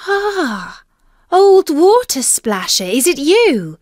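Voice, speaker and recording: A woman as a high, weepy young princess. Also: sing-song, takes it slowly, a little mellow, no room sound, studio quality, exaggerated voice. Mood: tearful.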